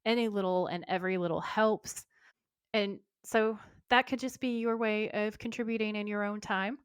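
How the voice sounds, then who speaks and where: A woman's voice: medium pitch, steady tone, moderate pace, clean tone, dry recording. Chatty woman podcast co-host, dry sound. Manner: warm, chatty and enthusiastic. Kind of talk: casual chat and reading aloud.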